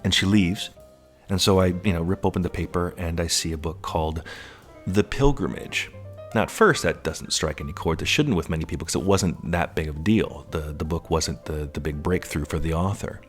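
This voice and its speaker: Deep-voiced man telling a personal story. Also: normal speed, faint music behind. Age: 30s. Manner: animated, acts out quoted voices. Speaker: storyteller recounting his life.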